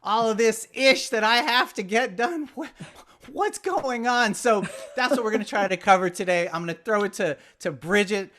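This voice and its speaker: A man's voice: high voice, moderate pace, a bit bright. A man co-hosting a podcast, opening the episode in a loose, rambling way with many fillers. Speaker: podcast co-host. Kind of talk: casual podcast chat.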